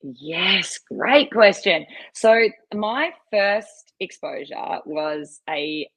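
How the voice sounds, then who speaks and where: A woman's voice: mid-range voice, lively intonation, drawn-out words, a bit bright, no room sound. An Australian woman, a coach and podcast guest, telling stories in a chatty way with plenty of laughs and filler words. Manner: chatty storytelling, laughs often, says "like" a lot. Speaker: rowing and ski erg coach guest. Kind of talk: casual podcast chat.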